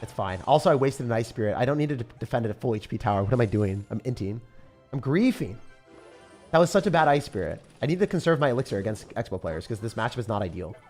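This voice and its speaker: Excitable young man streaming gameplay. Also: medium pitch, fast, soft background music. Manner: excitable, jokey, loud outbursts and laughter. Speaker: gaming streamer. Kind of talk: live gameplay commentary.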